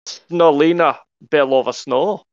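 A man joins a podcast chat, throwing in puns and swearing freely. His voice sits a little higher than most men's. The recording is dry and close. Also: unhurried, clear, resonant tone, dry recording, lo-fi sound. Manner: sweary, punning banter. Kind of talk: casual chat.

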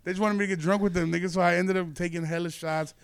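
A man's voice: high voice, fairly even intonation, fast. A young man hosting a podcast, telling a loose, profane story with lots of laughing. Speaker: podcast host and comedian. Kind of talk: casual storytelling chat.

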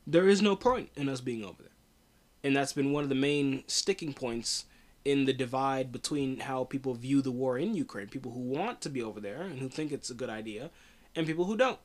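A man's voice: mid-range voice, animated, brisk. A man hosting a podcast, giving casual political commentary in a blunt, profane way with frequent restarts. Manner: blunt, profane, laughs often, restarts a lot. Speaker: podcast host.

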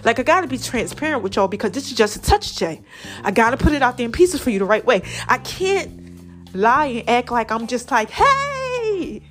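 Woman podcast host, slightly high voice, chatty and familiar, soft music underneath. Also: animated, fairly quick. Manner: chatty, addresses listeners as y'all and baby. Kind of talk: casual solo podcast talk.

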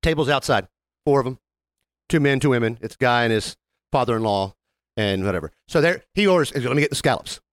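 On a laid-back podcast, a male co-host speaks a little fast in a mid-range voice, with no echo on the recording. He tells lively stories, voicing the customers in them and swearing without restraint.

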